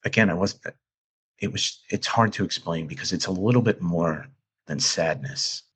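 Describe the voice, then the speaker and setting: Halting, husky-voiced man telling a story. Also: low voice, lively intonation, fairly bright tone. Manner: halting, many restarts, earnest. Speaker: guest recounting an encounter. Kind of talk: casual storytelling.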